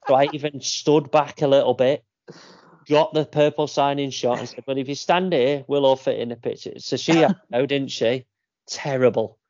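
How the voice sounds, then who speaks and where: A man's voice: mid-range voice, fairly even intonation, moderate pace, darkish tone, dry recording, lo-fi sound. A man, co-hosting a podcast and telling a story in a casual, rambling way with lots of fillers. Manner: chatty storyteller, many fillers and restarts. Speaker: podcast co-host. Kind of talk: casual chat.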